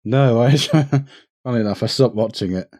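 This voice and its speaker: A man co-hosting a casual podcast in a low-key way, telling corny jokes. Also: moderate pace, a little mellow, no room sound, studio quality. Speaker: podcast co-host. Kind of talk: casual chat.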